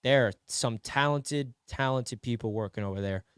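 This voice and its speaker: A man's voice: mid-range voice, normal speed, clean tone, no echo, studio quality. A man hosting a sports podcast, reading viewer messages and chatting casually in an upbeat, friendly way.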